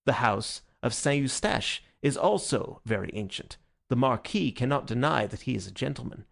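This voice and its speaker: A man voicing a tipsy, witty young gentleman in an audiobook, with a grand, bubbling delivery. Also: medium pitch, animated, normal speed, gravelly. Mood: giddy. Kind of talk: audiobook character voice.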